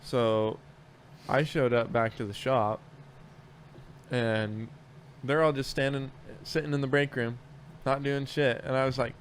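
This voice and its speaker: A man's voice: medium pitch, level tone, a little slow, a little hiss or hum. A man in casual podcast chat, telling work stories in a rambling, profane way with lots of restarts.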